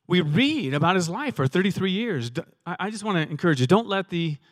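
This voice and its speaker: Male pastor, casual sermon, rhetorical questions, somewhat high voice. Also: lively intonation, brisk, no echo. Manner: conversational preaching with rhetorical questions and repeated words.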